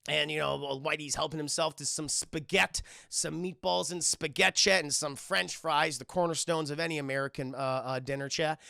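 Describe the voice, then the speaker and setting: Male streamer, rambling livestream commentary, swearing, gravelly voice, dry close sound. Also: a little high, steady tone, brisk, few pauses, sharp tone, dry recording. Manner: rambling, swearing, keeps addressing the chat. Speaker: streamer reviewing a film.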